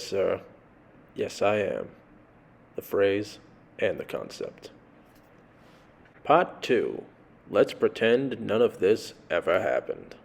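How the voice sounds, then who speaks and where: A man's voice: mid-range voice, creaky, darkish tone. Man narrating a travel tale, dry and sardonic. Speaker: travel storyteller. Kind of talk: scripted narration.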